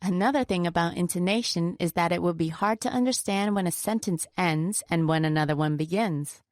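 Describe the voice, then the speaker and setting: A woman co-hosting a scripted pronunciation lesson. Her voice sits lower than most women's, and she explains each point clearly. The recording is dry and close. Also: a little fast, dry recording. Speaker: pronunciation teacher.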